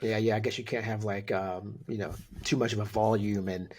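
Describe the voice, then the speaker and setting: Husky-voiced enthusiastic male host. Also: fairly low pitch, steady tone, brisk, darkish tone. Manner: enthusiastic, chatty, with many fillers. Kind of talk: interview conversation.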